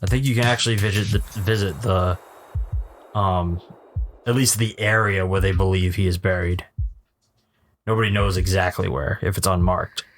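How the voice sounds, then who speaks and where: Low-voiced, rambling man podcast co-host. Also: moderate pace, pauses often, soft background music. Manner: relaxed, rambling, with fillers and laughs. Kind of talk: casual chat.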